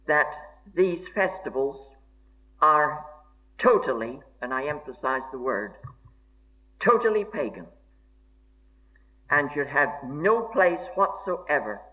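A man preaching a sermon in a slow, deliberate and emphatic way, with formal old-fashioned diction. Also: fairly high pitch, pushed and bright. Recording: dull lo-fi recording.

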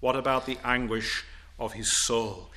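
A man preaching a sermon in a measured, emphatic way, stressing key phrases and dropping to a low, quiet voice on solemn points. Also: fairly even intonation.

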